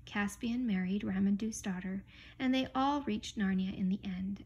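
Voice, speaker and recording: A woman reading a children's storybook aloud in a calm, measured way, sometimes sinking into a whisper. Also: medium pitch, gravelly, slight background noise. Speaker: audiobook reader.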